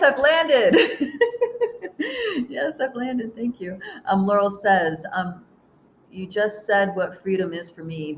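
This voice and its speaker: A woman hosting a live spiritual chat, reading viewer comments aloud and rambling through a story with frequent laughs and restarts. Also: fairly low pitch. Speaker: host. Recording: dull lo-fi sound with faint hiss.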